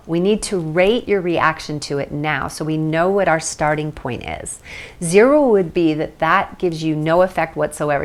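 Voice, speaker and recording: A woman teaching an emotional tapping session, explaining at length in a chatty way with light asides, then guiding slow repeat-after-me statements. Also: sits low. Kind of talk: guided tapping lesson. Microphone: phone or camera mic.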